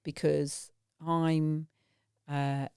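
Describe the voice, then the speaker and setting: A woman's voice: sits low, little pitch movement, drawn-out words, darkish tone, smooth, no room sound, clean studio sound. A woman co-hosting a parenting podcast, talking in a thoughtful, reflective way with laughs and restarts. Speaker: podcast co-host. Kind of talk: casual parenting chat.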